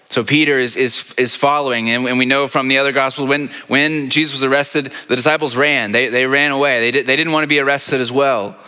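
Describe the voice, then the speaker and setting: A man's voice: mid-range voice, fairly even intonation, brisk, hardly any pauses, sharp tone, smooth. A man preaching a sermon as pastor, retelling a scripture story in a conversational way and often asking "right?". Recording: long reverb of a large hall.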